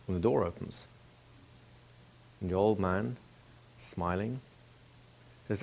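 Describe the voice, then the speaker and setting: A man's voice: sits low, steady tone, slow, gravelly, pauses often. A man telling a story in a casual, conversational way, with restarts and asides to the listener.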